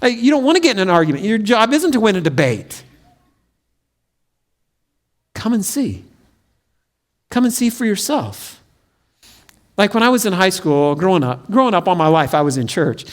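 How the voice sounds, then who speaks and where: A man preaching a sermon as pastor of a church, telling stories in an animated way and acting out the quotes. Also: sits high, quick pace, hardly any pauses. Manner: animated storytelling with acted-out quotes. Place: church sanctuary.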